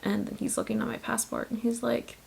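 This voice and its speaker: A woman's voice: on the high side, level tone, brisk, creaky, darkish tone, slightly rough. A woman vlogger telling a story in a casual, chatty way, with lots of "like" and acted-out quotes of other people. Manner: chatty, heavy use of "like", acts out quoted people.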